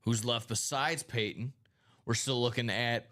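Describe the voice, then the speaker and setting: A man hosting a live trading-card break from a studio break room. His fairly low voice keeps up upbeat, casual chatter sprinkled with hype catchphrases as he runs through the lineup. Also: moderate pace, no room sound. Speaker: card break livestream host. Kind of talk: casual live-stream banter.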